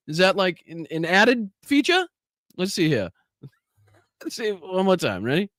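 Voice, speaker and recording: Profane, incredulous high-voiced male host. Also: wildly swooping pitch, unhurried, pauses often, fairly bright tone, no echo, clean studio sound. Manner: profane, incredulous, laughs often. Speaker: political commentary host. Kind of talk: live-stream reaction commentary.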